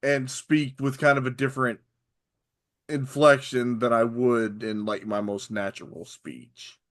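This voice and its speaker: A man from Arkansas with a softened South Arkansas accent, co-hosting a casual podcast chat and explaining things carefully with small restarts. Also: medium pitch, steady tone, a little slow. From Arkansas, USA. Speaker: podcast co-host.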